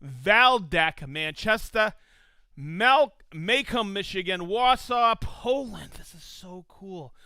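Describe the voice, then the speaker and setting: A man's voice: sits high, lively intonation, slow, sharp tone, smooth, dry recording, studio quality. An enthusiastic man hosting a casual live stream, chatting and calling out viewers' locations one after another. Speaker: host of a live tool show.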